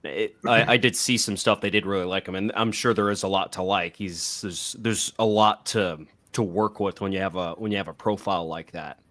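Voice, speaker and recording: A man's voice: low-pitched, fairly quick, few pauses, fairly bright tone. A man co-hosting a podcast, chatting casually and thinking aloud, often repeating words as he starts sentences. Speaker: podcast co-host. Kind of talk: casual sports chat.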